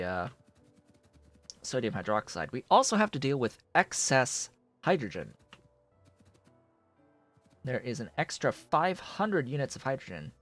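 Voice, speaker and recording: Slow, lively-voiced man streaming a game. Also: on the low side. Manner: thinks aloud, playful asides. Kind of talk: casual gameplay commentary.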